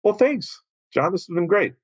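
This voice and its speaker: A man telling a lively story as a guest on an interview podcast, acting out the voices of the people in it. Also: moderate pace, highs cut off, noisy background. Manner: animated, acts out quoted voices with big pitch jumps.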